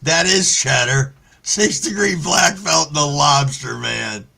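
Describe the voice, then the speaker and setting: A man's voice: fairly high pitch, takes it slowly, vocal fry, sharp tone. A man hosting a casual live stream, telling stories in a laid-back way with lots of swearing and greeting viewers by name. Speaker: livestream host reading chat.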